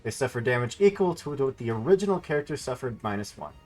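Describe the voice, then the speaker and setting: A man's voice: mid-range voice, very animated, fast, darkish tone. Guy gm reading out dice results, plain mid voice, bit of music under it. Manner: matter-of-fact rules calls. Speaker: game master. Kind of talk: running a tabletop game.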